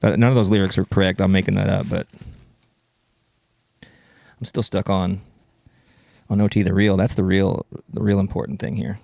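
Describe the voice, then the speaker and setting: Guy hosting a comedy podcast solo, gravelly voice, rambling profane rant, dry close sound. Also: deep voice, level tone, normal speed, pauses often, a little mellow, no room sound. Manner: rambling, profane, self-interrupting. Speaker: podcast host.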